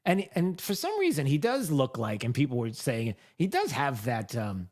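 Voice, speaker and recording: A man's voice: medium pitch, huge pitch swings, normal speed, a little mellow. A male host giving sarcastic, mocking political commentary on a microphone.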